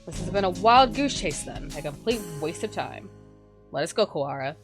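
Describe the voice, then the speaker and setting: A woman's voice: fairly low pitch, animated, normal speed, close to an everyday voice. A woman voicing an arrogant young male noble in a game, delivering scornful, imperious insults over background music.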